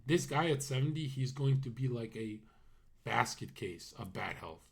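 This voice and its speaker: A man's voice: mid-range voice, animated, normal speed, gravelly. A man streaming a casual monologue, brash and rambling, with many fillers and asides that trail off.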